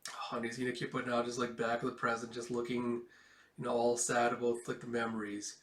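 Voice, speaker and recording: A man's voice: mid-range voice, monotone, fairly quick, a bit bright. A man walks through a comic page by page in an emotional, loose way with plenty of fillers. His voice sits mid-range and sounds roomy, picked up from some distance away. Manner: emotional, filler-heavy retelling. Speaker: comic reader. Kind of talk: casual comic read-along.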